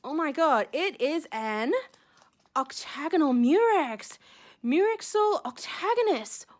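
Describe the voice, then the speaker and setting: A woman's voice: high-pitched, expressive, slow pace. A young woman unboxing seashells on her vlog, gushing and giddy, gasping with delight. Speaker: shell collector unboxing a gift.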